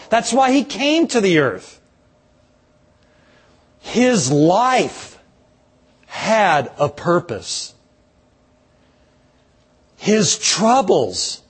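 A man, a pastor, delivering a slow, measured sermon with dramatic pauses and a husky voice. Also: high-pitched.

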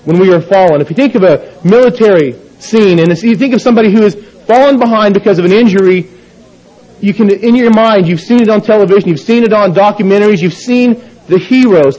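Male pastor, higher voice, steady emphatic sermon delivery with scripture readings. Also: a little fast, rough recording. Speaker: preacher.

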